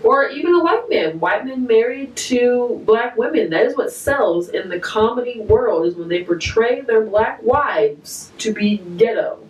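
A woman's voice: a little high, expressive, a little slow, few pauses, highs cut off. Emphatic woman cohost in a roomy space. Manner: emphatic, repetitive, frank. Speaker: podcast co-host. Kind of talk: casual chat. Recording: roomy, distant mic, faint background hiss.

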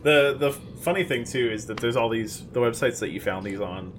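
A man's voice: medium pitch, noisy background. A man co-hosting a podcast in casual chat, talkative and opinionated, restarting his sentences often. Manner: chatty, halting restarts, opinionated. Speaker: podcast co-host.

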